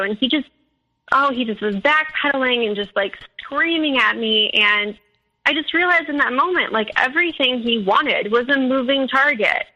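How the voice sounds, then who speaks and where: Woman guest, animated storyteller, bright higher voice, lo-fi call sound. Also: moderate pace. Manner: animated, quotes both sides of arguments. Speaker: guest sharing her story. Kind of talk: casual storytelling. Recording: lo-fi call audio.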